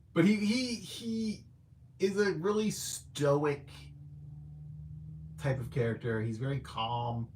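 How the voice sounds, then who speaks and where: A man's voice: a little high, drawn-out words, long pauses, darkish tone, slight background noise. Rambling, laid-back male film reviewer. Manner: rambling and hesitant, heavy use of "like" and "I don't know"; chuckles at his own remarks. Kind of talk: casual spoken movie review.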